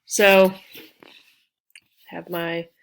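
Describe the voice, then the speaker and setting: Chatty low-voiced woman teaching grammar. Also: flat delivery, very slow, creaky, a little hiss or hum. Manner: chatty and informal, with many fillers and asides. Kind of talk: casual online grammar lesson. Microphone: home webcam setup.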